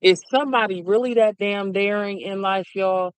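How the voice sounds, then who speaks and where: Rambling middle-aged man, smooth voice. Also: high-pitched, normal speed, no echo, rough recording. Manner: rambling, laughs often. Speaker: vlogger. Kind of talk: casual rambling monologue.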